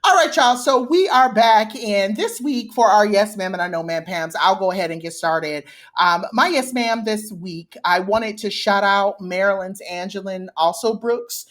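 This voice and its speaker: Woman podcast co-host, casual and playful, even middle pitch. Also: moderate pace, hardly any pauses. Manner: animated, laughing, playful.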